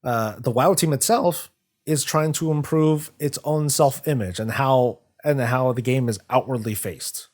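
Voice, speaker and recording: A man in the middle of his pitch range talking casually to his stream audience. He rambles, trips over his words and restarts sentences as he goes. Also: unhurried, darkish tone. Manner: rambling, frequent restarts and stumbles. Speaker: streamer host. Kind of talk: casual live-stream commentary.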